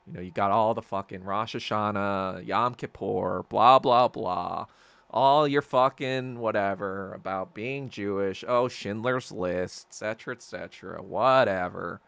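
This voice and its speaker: A man hosting his own podcast in a solo rant, profane and heated, swinging between loud outbursts and low muttering. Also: a little slow, vocal fry, clear, resonant tone, no room sound. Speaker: podcast host. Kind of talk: solo ranting monologue.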